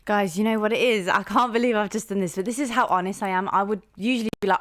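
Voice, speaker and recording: A woman's voice: a little high, lively intonation, fast talker, few pauses, no echo, clean studio sound. Gushing young woman reacting to music. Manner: gushing, rambling with many fillers and restarts. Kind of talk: casual reaction commentary.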